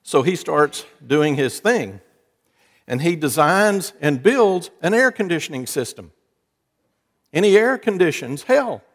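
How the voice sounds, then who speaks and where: Speaking a little slowly but animatedly, a preacher with a slightly high voice fills his sermon with folksy jokes and wry asides. The church sanctuary gives his voice a long hall reverb.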